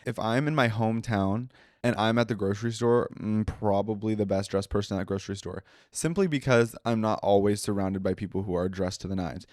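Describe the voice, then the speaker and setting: A man's voice: lowish voice, a little fast, a little hiss or hum. A young man hosting a podcast in casual chat, talking with a nasal tone and leaning hard on his words to show how he feels. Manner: emphatic, expressive, with lots of laughing asides. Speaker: podcast host.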